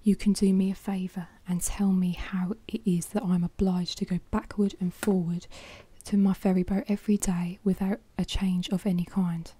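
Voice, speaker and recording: A woman's voice: mid-range voice, level tone, normal speed, hardly any pauses, dark tone, slightly rough, no room sound, lightly acted. Woman whispering as a weary ferryman, whispered role-play.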